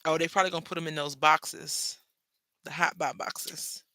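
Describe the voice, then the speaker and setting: A man with a high, gravelly voice and a sharp, very bright edge hosts a crafting video. He chats in a playful, gossipy way and keeps throwing asides to his viewers. The sound is close and dry. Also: level tone, normal speed, no echo. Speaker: craft channel host. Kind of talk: casual crafting chat.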